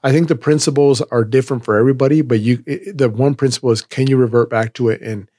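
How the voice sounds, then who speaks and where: A man's voice: medium pitch, fairly even intonation, fast, dark tone, slightly rough, no echo. Middle-aged guy chatting, rambly, lots of restarts, dry sound no room. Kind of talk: casual chat.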